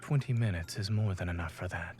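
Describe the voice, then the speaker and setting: An actor voicing a gentle, reassuring adult male love interest in a game, speaking softly. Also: deep voice, fairly quick, close to an everyday voice. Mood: tender. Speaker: game character. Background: game music.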